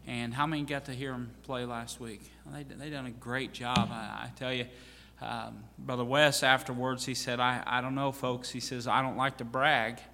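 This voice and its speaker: A man's voice: medium pitch, pushed and bright. A man preaching as pastor, telling a folksy story with restarts and fillers in a church. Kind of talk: sermon with church announcements. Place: church sanctuary. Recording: reverberant church hall.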